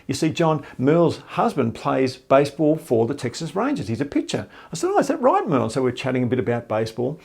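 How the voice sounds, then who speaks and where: An Australian man spins a humorous personal story with a husky voice. His pitch rises and falls in lively swings, and his telling is light and self-deprecating. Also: brisk, few pauses.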